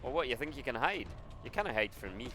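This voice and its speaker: A man's voice: mid-range voice, sing-song, a little fast, lightly acted. A man voicing a brash, bloodthirsty male soldier, taunting his enemies over game music and gunfire. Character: brash swaggering male soldier with a put-on accent.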